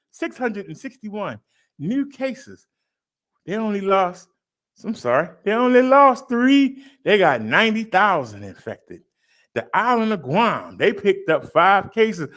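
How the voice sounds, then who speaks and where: Brief: livestream host, male, raised pitch, dramatic announcer delivery, chatty with the audience. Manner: showy, drawn-out announcing with loud punches; chatty, addresses viewers as y'all. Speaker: livestream host reading daily stats. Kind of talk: casual livestream chat.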